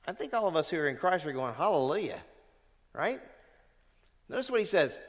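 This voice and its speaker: A man preaching a sermon as pastor, emphatic, swelling loud on quoted verses and dropping low at the ends of phrases, calling questions out to the congregation. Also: sing-song, moderate pace, big-room sound. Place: church sanctuary.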